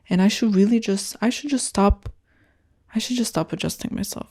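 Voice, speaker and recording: A young woman from Canada talks through her dating woes on her own podcast, candid and rambling. Her voice is mellow and warm, at a middle pitch for a woman. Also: moderate pace. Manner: candid, rambling, frustrated venting. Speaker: podcast host. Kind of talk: casual solo podcast chat.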